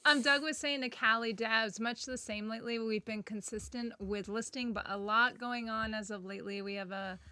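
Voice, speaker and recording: Bright, playful podcast co-host. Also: medium pitch, fairly even intonation, normal speed, hardly any pauses, smooth, dry recording. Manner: playful, giggly. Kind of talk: casual chat.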